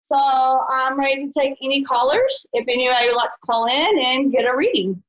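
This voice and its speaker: A woman with a high, slightly bright voice hosts a live call-in psychic show at a normal pace. She's chatty and folksy, calling people honey and saying y'all, and the live stream sounds dull and lo-fi.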